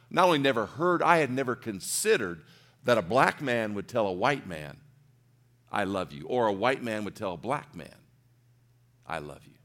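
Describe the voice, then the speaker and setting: A middle-aged man preaching a sermon, telling a personal story in an earnest, emotional way, dropping to near whispers and rising to loud peaks. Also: mid-range voice.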